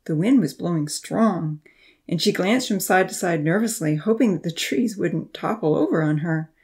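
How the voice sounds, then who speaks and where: A woman narrating a Christian children's storybook aloud in a steady, expressive reading. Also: lowish voice, normal speed. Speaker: audiobook reader.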